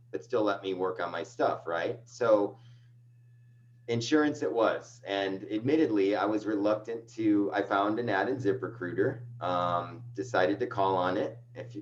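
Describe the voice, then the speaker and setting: Man guest, lower voice, meandering self-deprecating storyteller; dull lo-fi call audio with a faint hum. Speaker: guest, agency owner. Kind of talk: casual video call interview. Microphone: video call microphone.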